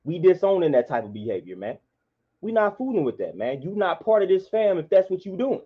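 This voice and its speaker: A man's voice: high-pitched, big pitch swings, a little fast, slightly rough. Impassioned man with a lo-fi sound. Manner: preachy, repetitive, emphatic. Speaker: vlogger. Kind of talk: impassioned monologue. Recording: dull lo-fi sound.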